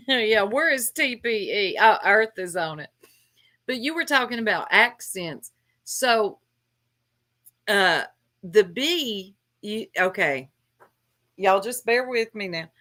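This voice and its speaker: A woman hosting a livestream, giving scolding, drawn-out commentary in casual chat. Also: mid-range voice, expressive, pushed and bright. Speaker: livestream host.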